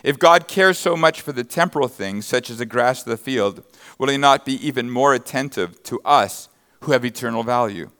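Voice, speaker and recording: A man's voice: mid-range voice, moderate pace, a bit bright, clean tone. A man preaching a sermon, reading scripture verses and expounding them with emphatic, rising bursts of intensity. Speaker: pastor.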